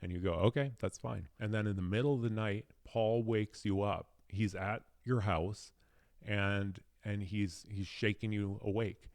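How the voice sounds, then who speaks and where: A young man with a fairly low voice talks off the cuff and unscripted. He rambles and hesitates, circling back over his own stories. The sound is dry and close, with no room echo. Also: steady tone, unhurried, a little mellow. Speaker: speed chess player. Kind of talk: casual unscripted monologue.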